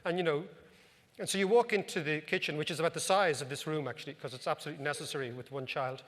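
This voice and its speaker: Wry Irish man with a high voice. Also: fast talker, fairly bright tone, a little hiss or hum. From Ireland. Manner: storytelling, wry, anecdotal. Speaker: economic commentator, speaker. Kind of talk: humorous talk to a live audience. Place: club function room. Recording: reverberant hall.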